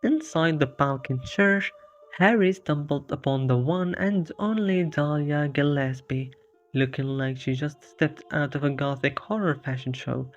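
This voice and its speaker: Comedy narrator, dry and jokey, mid pitch, lo-fi recording. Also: unhurried. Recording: dull lo-fi with faint music.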